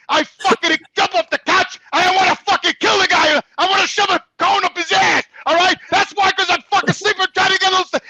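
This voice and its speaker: A man in his sixties rants in a high, gravelly voice with a piercing, bright edge. He swears at nearly every turn, loud and indignant. The sound is dry and close. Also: dry recording, rough recording. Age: 60s. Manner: loud, angry, swearing constantly. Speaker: show regular and guest of the intervention. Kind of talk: profane ranting storytelling.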